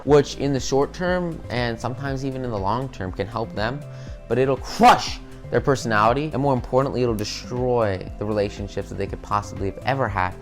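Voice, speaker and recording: A man giving a casual recorded business lecture, talking loosely with lots of "you know" and repeated words. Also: mid-range voice. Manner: conversational, many fillers and repetitions. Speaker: business skills instructor.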